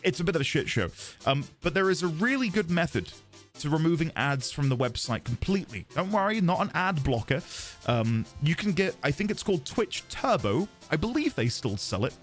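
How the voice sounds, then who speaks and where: A British man streaming a video game, chatting casually with his viewers, quick to laugh and self-deprecating. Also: a little high, very animated, faint music behind. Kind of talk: casual live-stream chat.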